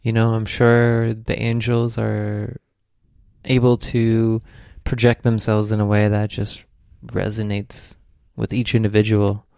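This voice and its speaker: A man's voice: on the low side, completely flat delivery, takes it slowly, gravelly, darkish tone, clear, resonant tone, no echo, studio quality. A young man, a podcast co-host, telling a rambling spiritual story in casual chat, full of "like"s.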